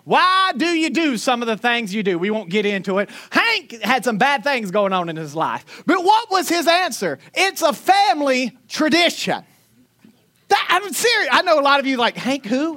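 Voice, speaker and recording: A woman in her forties from Northwest Florida preaches a sermon in her Southern accent, her voice high and somewhat bright. She breaks in with conversational, joking asides to the congregation.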